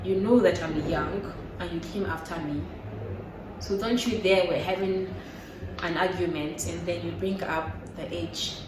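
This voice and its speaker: A young woman hosts a lively, casual chat and slips into the voices of the people she quotes. She sounds set back from the mic in an echoey room, with a steady noise in the background. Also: on the low side, measured pace, recorded from a distance. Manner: animated, acts out quoted voices with laughter. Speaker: host.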